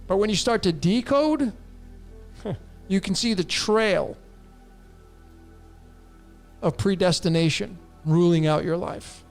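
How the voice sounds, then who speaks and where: High-voiced gravelly man, blunt and emphatic. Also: slow, long pauses, faint music behind. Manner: blunt, emphatic, addresses listeners directly. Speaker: host answering viewer questions. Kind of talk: numerology monologue.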